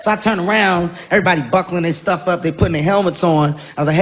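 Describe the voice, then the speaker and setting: A man doing stand-up comedy, telling a story with an animated, punchy delivery and shouted punchlines. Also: high voice, quick pace. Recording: dull, noisy live stage recording.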